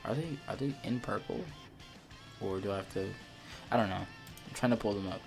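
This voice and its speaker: A man's voice: fairly low pitch, moderate pace, soft background music. A young man giving unedited, casual commentary on a mobile game, rambling with many restarts, repeated words and fillers. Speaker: gacha game video creator.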